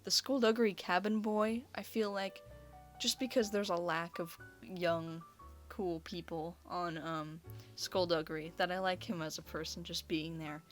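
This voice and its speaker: A woman's voice: on the low side, flat delivery, a little slow. A young woman rambling casually and gushing, with lots of "like" fillers. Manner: gushing, chatty, heavy use of "like" fillers. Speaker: video creator. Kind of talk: casual rambling ranking video. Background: faint background music.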